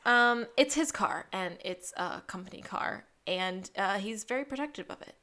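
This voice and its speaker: A woman's voice: medium pitch, expressive, moderate pace, bright, forceful tone. A woman co-hosting a podcast, chatting casually about a TV episode and laughing often. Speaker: podcast co-host. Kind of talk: casual recap chat.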